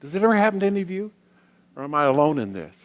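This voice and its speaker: A middle-aged man giving a sermon as a guest minister. He tells personal stories in a reflective way, with pauses. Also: a little high, very animated. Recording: long hall reverb.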